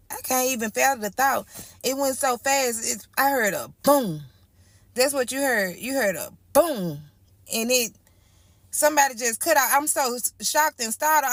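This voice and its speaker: A woman's voice: mid-range voice, fairly bright tone, dry recording. A young woman telling an emotional storytime about a traumatic night, acting out the voices of the people involved. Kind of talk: storytime vlog.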